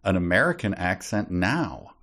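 A male co-host with a very low voice, talking in a musing, meandering way. He drifts between ideas in a relaxed, casual chat. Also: moderate pace. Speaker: podcast co-host. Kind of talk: casual book discussion.

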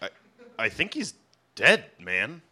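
A man's voice: medium pitch, wildly swooping pitch, takes it slowly, full character voice. A man playing a hesitant, stammering young sidekick in a comedy audio drama. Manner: hesitant and stammering, bursts into yelling. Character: nervous dim young sidekick who can turn day into night.

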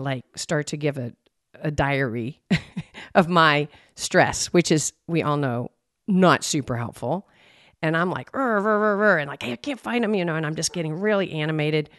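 A woman co-hosting a podcast, telling a personal story in a lively, animated way and acting out her own frustration. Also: low-pitched, no room sound, clean studio sound. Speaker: podcast co-host. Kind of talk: casual podcast conversation.

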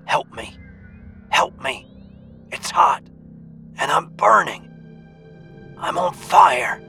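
A man voicing the ghost of a young father who is burning and pleading in agony, yelling and crying. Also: on the high side, huge pitch swings, takes it slowly, gravelly, faint music behind, voice pushed up, full character voice. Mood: agonized pleading.

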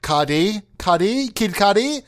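A man's voice: high voice, animated, measured pace. A man giving a rambling, self-mocking comic monologue as a pretend politician. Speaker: comedic mock politician. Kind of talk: comedic monologue.

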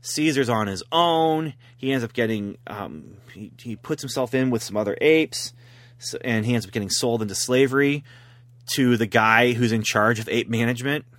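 A man's voice: medium pitch, normal speed, a bit bright, no room sound. A man rambling through a story in casual chat as a podcast host, laughing at his own jokes.

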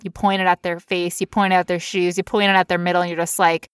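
A woman co-hosting a casual podcast, talking in an animated way and breaking into mocking impressions. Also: on the low side, fast, clear, resonant tone, dry recording, studio quality. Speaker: podcast co-host.

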